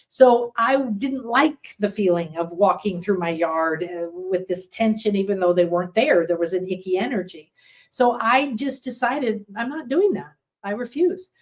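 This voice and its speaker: A woman's voice: mid-range voice, lively intonation, normal speed, darkish tone. Chatty woman teaching a live online class. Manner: chatty, rambling storyteller with frequent fillers and restarts; reads and answers viewer comments aloud. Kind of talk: casual live-streamed teaching. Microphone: computer setup with screen sharing.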